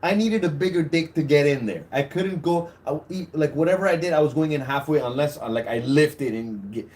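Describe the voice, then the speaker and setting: Speaking briskly in a slightly high, darkish voice, a young podcaster chats on his own in a rambling, crude way, laughing at the stories he tells.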